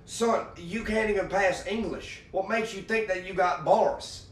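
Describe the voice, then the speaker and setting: A man with a fairly high voice raps scolding lines in a rhythmic comedy skit. He is recorded from some distance. The room echoes around him. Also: a little slow, few pauses. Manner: scolding, rhythmic rap delivery. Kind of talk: comedy skit of a rapping father.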